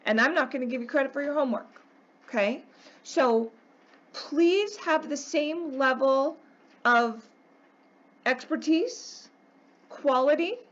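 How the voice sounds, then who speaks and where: A woman's voice: high-pitched, dull audio. A woman math teacher lecturing her class, emphatic and coaxing, often checking in with "okay?".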